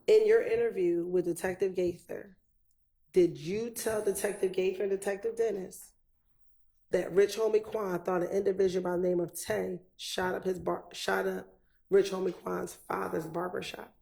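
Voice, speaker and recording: A woman prosecutor questioning a witness in a courtroom, methodical and measured. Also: mid-range voice, steady tone, creaky, dark tone.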